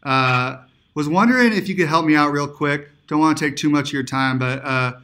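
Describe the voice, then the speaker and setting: A man's voice: a little high, brisk, pushed and bright. A man faking a Southern accent on a prank phone call, chummy and rambling as he wheedles for tips. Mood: wheedling. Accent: put-on Southern US. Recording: phone call played on a podcast.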